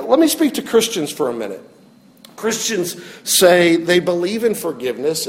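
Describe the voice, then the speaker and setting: A man preaching a sermon as a pastor, earnest and expressive, often restarting his phrases. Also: fairly high pitch.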